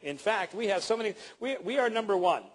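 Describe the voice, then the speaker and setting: A man's voice: sits high, fairly quick, in a large hall, lightly acted, low-quality recording. A man acting out a boastful corporate presenter who drones on about his firm. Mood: smug boasting. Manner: smug, self-important, monotone listing.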